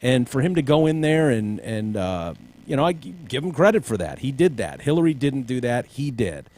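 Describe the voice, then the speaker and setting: A man's voice: mid-range voice, sing-song, moderate pace, a little mellow. A man hosting a podcast, talking politics in a loose, mocking way with plenty of swearing. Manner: loose, profane, mocking impressions. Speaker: podcast host. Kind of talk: casual political chat.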